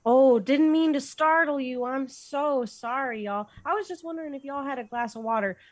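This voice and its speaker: A woman's voice: sits high, moderate pace, no room sound, close to an everyday voice. A woman voicing a friendly, drawling woman adventurer with a folksy, chatty way of talking. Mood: apologetic. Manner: folksy and chatty, says y'all.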